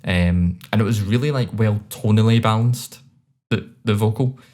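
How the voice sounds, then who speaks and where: A man with a Scottish accent co-hosting a podcast, reviewing songs in a relaxed, chatty way with many fillers. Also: lowish voice, normal speed. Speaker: podcast co-host. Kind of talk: casual chat.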